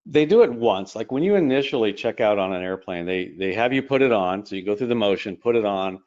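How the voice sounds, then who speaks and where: Male airline captain guest, low voice, animated storyteller, muffled stream audio. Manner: animated, fast retelling with quoted dialogue. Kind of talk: casual interview storytelling.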